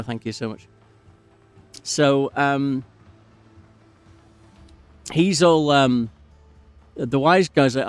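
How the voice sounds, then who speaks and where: A man's voice: mid-range voice, slow pace, pauses often, smooth, soft background music. A man rambling and drifting off topic while giving casual commentary as he plays a game. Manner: rambling, digressive, easily sidetracked. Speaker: gaming channel host.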